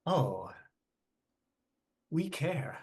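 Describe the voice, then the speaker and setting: A man's voice: on the high side, very animated, very slow, a little mellow, full character voice. A man voicing a vain, theatrical dandy who speaks with a royal we, pompous and grandly condescending. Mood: languid, grand.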